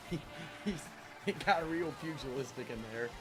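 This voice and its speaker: A man live-streaming a game, chatting casually with viewers in a rambling, animated way and laughing often. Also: a little high, moderate pace. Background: game music.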